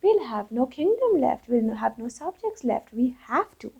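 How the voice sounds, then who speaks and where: A woman's voice: sing-song, moderate pace, creaky, a little mellow, breathy edge, exaggerated voice. A woman voicing a worried male crow king who frets and pleads in a raised voice. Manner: anxious, pleading, high-pitched. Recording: dull lo-fi recording.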